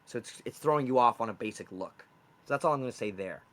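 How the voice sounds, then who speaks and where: A man's voice: mid-range voice, expressive, fast. A young man running a tabletop game as game master, explaining loosely and rambling with fillers.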